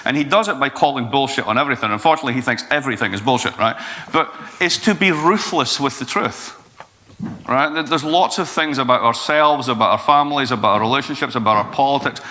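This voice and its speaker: A Scottish man in his forties, a guest speaker answering questions in a blunt, profane, lively way. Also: medium pitch, fast. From Scotland. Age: 40s. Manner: blunt, profane, animated storytelling. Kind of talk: Q&A talk at an event.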